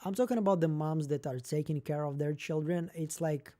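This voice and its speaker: A man's voice: on the high side, fairly quick, dark tone. A young man with a non-native English accent, chatting candidly and rambling on a live stream as host. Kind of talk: casual live-stream chat.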